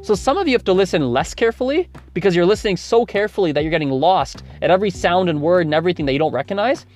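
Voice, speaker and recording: A man's voice: high-pitched, lively intonation, racing, darkish tone, faint music behind. A man hosting a language-learning podcast, explaining casually and correcting himself as he goes. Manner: chatty, explains with self-corrections and examples. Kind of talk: casual spoken lesson.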